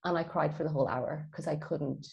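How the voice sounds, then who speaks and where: A woman with a low voice speaks as a podcast guest. She tells her story in an animated way and acts out the dialogue she quotes. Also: brisk, creaky, lo-fi sound. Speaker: guest, feng shui expert. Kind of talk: casual podcast interview.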